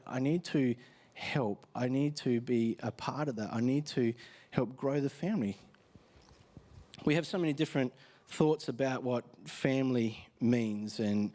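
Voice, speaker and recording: A middle-aged pastor giving a casual, joking sermon, asking the congregation questions. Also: male voice, medium pitch, mellow. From Australia. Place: church hall with congregation.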